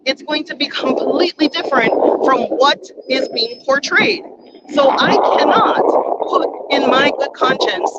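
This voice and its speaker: A woman hosts her own channel and talks candidly to the camera outdoors by the sea. Her delivery is reflective and conversational. The recording is muffled and lo-fi, with heavy outdoor noise. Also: sits high. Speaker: vlogger. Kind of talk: casual talk to camera. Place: outdoors on a beach. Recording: dull lo-fi sound with loud outdoor noise.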